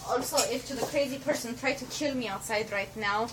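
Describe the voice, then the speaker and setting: Filmed from a distance in a noisy home video, a young woman playfully puts on a giggly foreign-accented persona, speaking broken English with stray "to the" phrases. She's a roommate in a room at home, and her natural voice is on the high side and a little fast.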